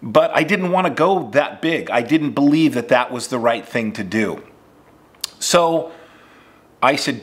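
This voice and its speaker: A man's voice: medium pitch, a little slow. Male acting coach, easygoing storyteller with a mid-range voice. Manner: relaxed, conversational, with frequent fillers. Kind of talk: casual instructional storytelling.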